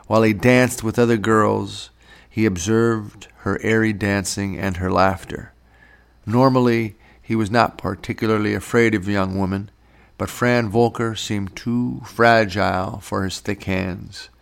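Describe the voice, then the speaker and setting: A man narrating a novel in a measured, unhurried storytelling manner. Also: on the low side, fairly even intonation, vocal fry. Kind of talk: audiobook narration.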